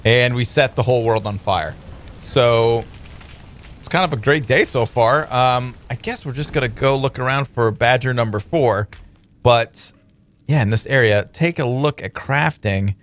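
A man hosting a let's play, commenting on gameplay in an excitable, joking way with many exclamations. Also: medium pitch, a little slow, slight background noise.

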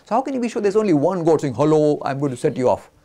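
A middle-aged man giving a lecture, animated and acting out both sides of an argument. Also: on the high side, rapid-fire. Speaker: religious studies speaker.

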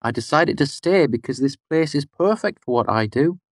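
A man voicing a cheerful old hermit who listens to things, with a bright, rich voice and quaint turns of phrase. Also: fairly high pitch, animated, moderate pace, no echo, studio quality. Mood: friendly.

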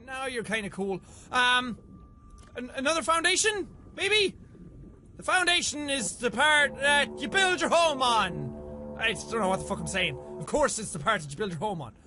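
A man giving casual, excitable commentary while playing a video game, swearing freely and yelping when startled. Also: very high-pitched, normal speed, faint music behind. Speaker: let's play gamer.

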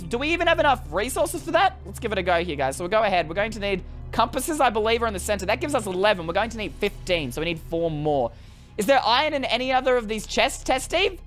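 A woman giving chatty, animated let's-play commentary to her viewers, often exclaiming in excitement. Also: mid-range voice. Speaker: gaming video creator.

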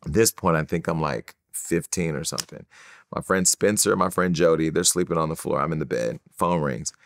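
A man from California sits as an interview guest and tells his life story in a very deep voice. He brings the story to life by acting out what others said. The sound is close and dry. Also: fairly quick, gravelly, dry recording. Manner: animated storyteller who acts out quoted voices.

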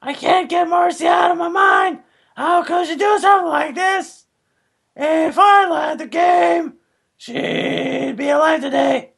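A very high, shrill teenage girl played by a podcaster who shouts nearly every line. She talks slowly, with a gravelly edge of fry under the squeal. The comic reading is over the top and melodramatic. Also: a faint crowd, full character voice. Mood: anguished. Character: excitable teenage girl gamer, dramatic.

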